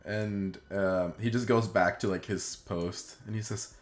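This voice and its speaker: A man's voice: low voice, steady tone, moderate pace, hardly any pauses. A man narrating as game master of a tabletop game, rambling with many fillers and restarts.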